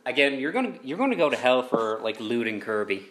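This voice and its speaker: A man co-hosting a podcast in casual chat, halting and often steering the talk back on track. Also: medium pitch, very animated, fairly bright tone. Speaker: podcast co-host.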